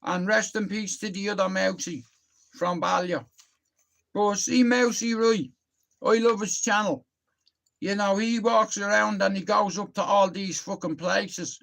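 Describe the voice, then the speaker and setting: A man's voice: sits high, moderate pace, gravelly, a bit bright. A middle-aged man with a Northern Irish accent ranting on his live stream, rambling, heated and swearing often into a phone. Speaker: livestreamer.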